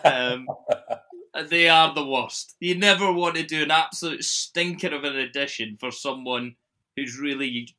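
A man hosting a podcast, chatting casually with friendly banter and quick laughs. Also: mid-range voice, pushed and bright. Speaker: podcast host.

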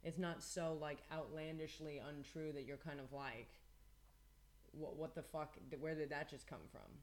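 A podcast co-host in casual chat, teasing a friend and rambling through stories with frequent restarts. The voice sits at a middle pitch. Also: steady tone, moderate pace.

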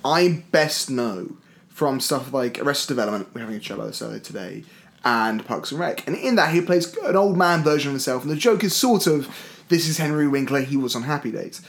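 A man's voice: mid-range voice, lively intonation, a little fast, creaky, a bit bright. A man co-hosting a casual podcast, wry and joking. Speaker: podcast co-host. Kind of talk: casual chat.

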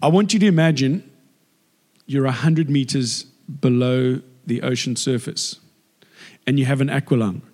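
A man preaching a sermon in a chatty, jokey, animated way. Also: medium pitch, moderate pace. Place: church hall. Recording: echoey hall with long reverb.

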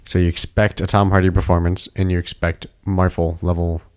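A man's voice: deep voice, flat delivery, a little fast, darkish tone. A man chatting casually about a film, rambling and restarting sentences, acting out little quotes. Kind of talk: casual movie review chat.

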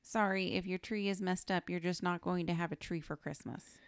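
A woman co-hosting a podcast in casual movie recap chat, chiming in with quick reactions and laughs. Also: fairly low pitch, fairly even intonation, dry recording. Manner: chimes in with quick reactions and laughs, sometimes quoting characters. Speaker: podcast co-host.

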